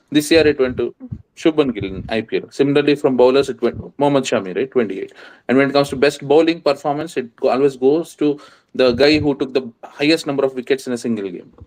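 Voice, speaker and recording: A man's voice: mid-range voice, darkish tone, low-quality recording. A man arguing his point on a cricket panel over a video call, opinionated and leaning on "you know". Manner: opinionated, argues with stats, lots of "you know".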